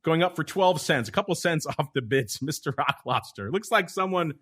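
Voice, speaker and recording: A man's voice: a little high, animated, moderate pace, a bit bright, slightly rough. A man hosting a casual podcast chat, joking along, chuckling often and teasing his co-hosts. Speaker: podcast host.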